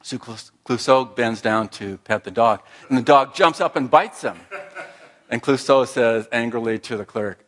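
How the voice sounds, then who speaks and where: A man giving a sermon in a slow, reflective manner, with frequent pauses and restarts. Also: medium pitch, fairly bright tone.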